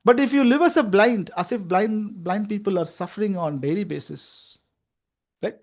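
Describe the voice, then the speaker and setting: A man's voice: sits high, normal speed, darkish tone. Man, Tamil English accent, university lecture, repetitive restarts, frequent "right?".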